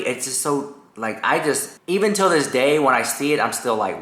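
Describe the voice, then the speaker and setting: A young man rambling casually through a vlog about a nightclub incident, animated when retelling. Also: mid-range voice, normal speed, few pauses. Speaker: YouTuber. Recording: echoey room.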